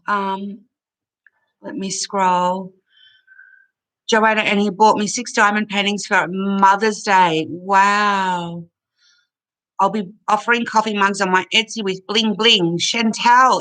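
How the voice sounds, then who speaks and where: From home on her computer, a woman hosts a casual live chat, reading viewers' comments aloud and thanking them, chatty and sometimes emotional. Her voice is medium-pitched with a sharp tone, and the audio quality is poor.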